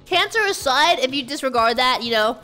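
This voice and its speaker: Excitable young woman streamer, high and bouncy, bright tone. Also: fairly quick, soft background music. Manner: excitable, jokey, talks to chat. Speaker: streamer host. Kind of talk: casual live-stream chat.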